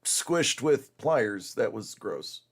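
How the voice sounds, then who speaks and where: A man's voice: medium pitch, animated, drawn-out words, gravelly. A man in his forties, host of a collecting show, telling a rambling story in casual chat with lots of fillers.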